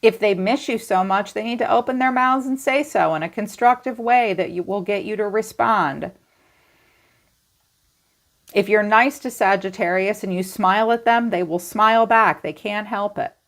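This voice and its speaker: A woman's voice: mid-range voice, moderate pace. A woman giving a casual tarot reading, talking straight to her viewers in a blunt, chatty way. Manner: blunt, chatty, swings into playful quoted voices. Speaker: tarot reader.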